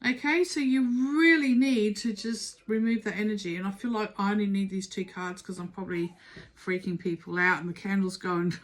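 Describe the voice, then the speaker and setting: A woman's voice: medium pitch, fairly even intonation, moderate pace. A middle-aged woman giving a casual spoken tarot reading, emphatic and urging, repeating words for stress. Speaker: tarot reader.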